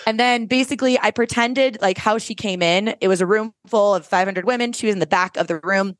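A woman podcast host in casual chat, telling a story with effusive, animated energy and acted-out quotes. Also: medium pitch, a little fast, no room sound.

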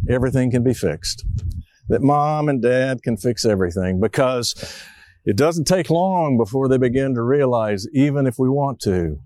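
Pastor preaching in a dry, close sound. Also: male voice, mid-range voice, a little mellow, no echo, poor audio. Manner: storytelling, reflective, acts out a child's voice in quotes. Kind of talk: sermon.

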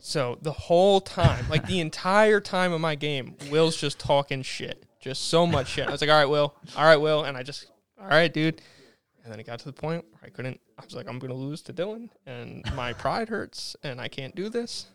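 A young man tells his side of a falling-out in a smooth, clear voice, swearing freely and acting out his own lines. The recording is close and dry. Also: fairly high pitch, normal speed, no room sound. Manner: profane, animated, acts out quotes. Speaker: guest telling his side. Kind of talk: casual storytelling.

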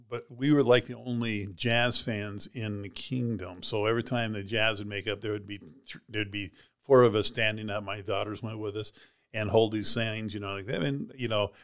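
Low-voiced man telling a story. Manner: rambling anecdotal retelling with many "you know"s and "she goes". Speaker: interview guest, heart transplant recipient. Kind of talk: casual storytelling interview.

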